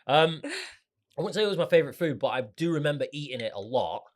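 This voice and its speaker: A man from Manchester with a Mancunian accent, chatting casually as a podcast co-host. His pitch swings a lot as he jokes and rambles, often with his mouth full. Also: lively intonation, very fast. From Manchester, England. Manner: jokey, rambling, talks while eating. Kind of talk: casual chat over food.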